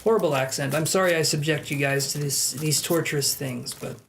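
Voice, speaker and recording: A live-stream tarot reader with an easygoing, chatty delivery and self-deprecating asides. The voice sits at a middling pitch. A faint background hiss runs under the talk. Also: a little fast, gravelly, a bit bright.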